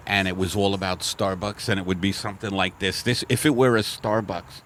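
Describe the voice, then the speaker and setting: A man hosting a podcast in casual, rambling comic chat with a deadpan delivery, recorded outdoors at a coffee shop. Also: low voice, fairly quick, slight background noise. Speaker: podcast host.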